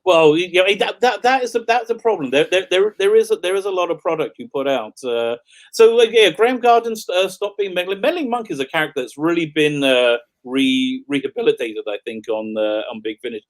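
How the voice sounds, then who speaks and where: A man's voice: on the high side, lively intonation, a little fast. A man hosting an interview on a video call, an eager fan who stumbles and repeats words as he talks. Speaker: podcast host.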